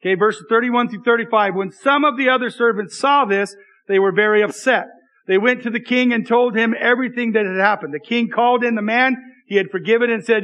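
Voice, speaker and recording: A man's voice: extremely high pitch, fairly quick, fairly bright tone, rough recording. A man preaching a sermon as pastor, reading scripture aloud and making joking asides to the congregation in a conversational way.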